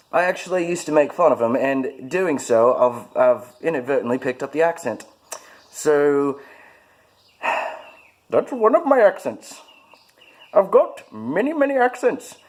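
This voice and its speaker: Rambling, self-mocking man vlogging casually. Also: on the high side. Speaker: vlogger showing his hobbies. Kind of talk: casual talk to camera.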